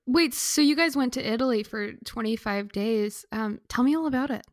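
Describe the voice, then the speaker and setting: A woman co-hosting a podcast, teasing and playful in casual conversation. Her voice sits a little high. The sound is dry, with no room reverb. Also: moderate pace. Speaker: podcast co-host. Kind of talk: casual chat.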